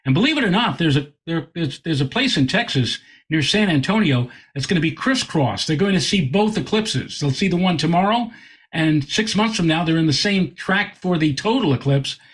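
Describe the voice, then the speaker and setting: Husky-voiced man telling a lively story. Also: a little high, normal speed. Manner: lively storyteller, repeats words when excited. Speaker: astronomer guest. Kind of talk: animated anecdote in conversation.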